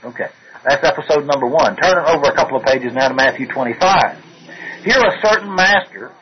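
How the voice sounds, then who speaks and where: A man's voice: a little high, noisy background. Man preaching on a lo-fi radio recording. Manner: emphatic, rises when reading scripture aloud. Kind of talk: sermon.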